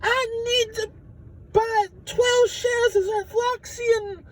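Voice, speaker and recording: A man voicing a pushy alien stock trader, frantically yelling orders on a trading floor. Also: very high-pitched, little pitch movement, slow pace, distant mic, a little hiss or hum, voice pushed up. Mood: frantic.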